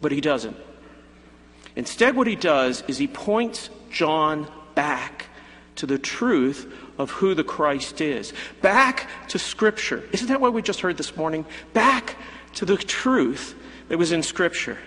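A man preaching a sermon in a church, animated and expressive, sometimes acting out imagined quotes. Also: a little high, takes it slowly. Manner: animated preaching, voices hypothetical quotes of Jesus. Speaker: pastor. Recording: church hall reverb.

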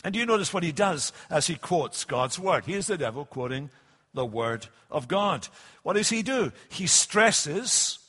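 A male preacher delivering a sermon in a deliberate, emphatic way, slowing down to stress key phrases. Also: fairly high pitch, very animated, sharp tone, slightly rough, long reverb tail.

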